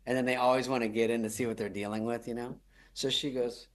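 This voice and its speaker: A middle-aged man, a comedian guest, telling stories in a wry, deadpan way and putting on mocking voices for the people he quotes. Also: medium pitch, fast. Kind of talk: storytelling chat.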